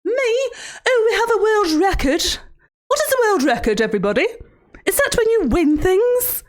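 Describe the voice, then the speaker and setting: A streamer takes on the role of an unsettling children's TV hostess during a livestream, her very high voice very animated at a normal speed. She sounds sing-song and mock-sweet before abruptly breaking into swearing.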